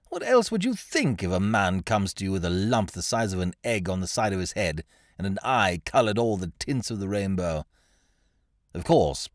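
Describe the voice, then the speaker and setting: A man narrating an audiobook, reading a diary with a wry, expressive manner. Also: fairly low pitch, no echo, clean studio sound.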